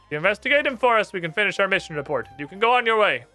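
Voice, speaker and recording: Man putting on gruff Soviet penguin agent, bossy, comrade this comrade that, game voice, swoops up and down. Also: high-pitched, sing-song, racing, bright, forceful tone, soft background music, exaggerated voice. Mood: urgent. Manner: gruff, curt commands, calls everyone comrade. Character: secretive Soviet penguin spy, stern and bossy.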